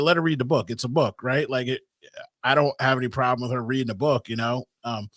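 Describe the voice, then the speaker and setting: A man hosting a casual interview over a video call, telling a family story in an animated storytelling manner. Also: mid-range voice, quick pace, no room sound, studio quality. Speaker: host. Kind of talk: casual conversation.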